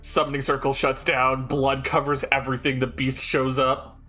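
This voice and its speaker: A man streaming a game, chatting in an excitable, rambling way. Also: medium pitch, normal speed, soft background music. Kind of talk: casual chat while playing.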